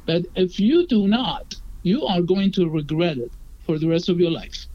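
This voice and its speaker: Earnest high-voiced man telling a story. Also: expressive, normal speed, mellow. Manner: earnest, acts out quoted dialogue. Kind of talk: conversational storytelling. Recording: dull lo-fi sound.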